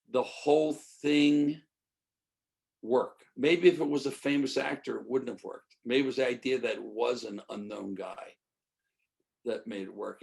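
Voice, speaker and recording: A man's voice: medium pitch, creaky. An older man, a guest in an interview, telling stories animatedly and acting out quoted dialogue. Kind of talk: storytelling interview.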